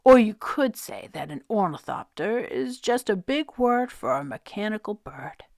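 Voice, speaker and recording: A woman's voice: medium pitch, big pitch swings, a little slow, creaky, a little mellow, dry recording, studio quality. A woman reading aloud and voicing a small, fiercely clever boy who speaks in formal, dictionary-like words. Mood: lecturing.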